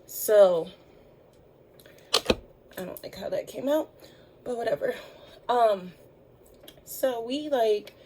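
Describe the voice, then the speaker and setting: A woman's voice: expressive, slow pace, long pauses, very noisy. Chatty young woman telling a story. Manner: chatty, lots of fillers, acts out quotes in higher voices. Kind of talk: casual storytime chat.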